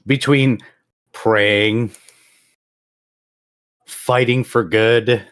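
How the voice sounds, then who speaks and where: A man narrating as game master of a tabletop role-playing game, relaxed and chuckling as he describes scenes. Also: mid-range voice, drawn-out words. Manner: relaxed, chuckling, talks while eating.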